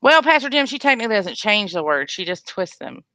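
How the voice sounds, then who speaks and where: A woman's voice: medium pitch, very animated, brisk, bright, forceful tone, no room sound. A woman hosting a casual livestream chat, blunt and sarcastic as she talks with viewers. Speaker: livestream host.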